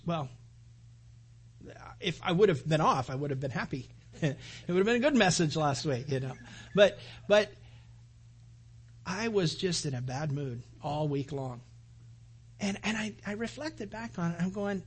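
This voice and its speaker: A middle-aged man preaching a sermon as pastor, telling a personal story in a conversational, animated way. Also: high-pitched, moderate pace, breathy edge.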